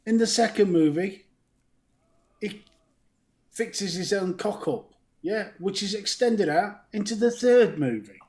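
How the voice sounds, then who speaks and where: A man co-hosting a live stream, making his points dryly and deliberately with rhetorical questions. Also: sits high, lively intonation, darkish tone. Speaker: co-host. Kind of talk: casual live-stream banter.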